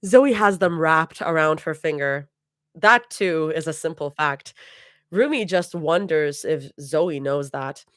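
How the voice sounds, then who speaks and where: A woman's voice: deep voice, takes it slowly, fairly bright tone, dry recording, studio quality. A woman reading fan fiction aloud live, laughing and stumbling over hard words.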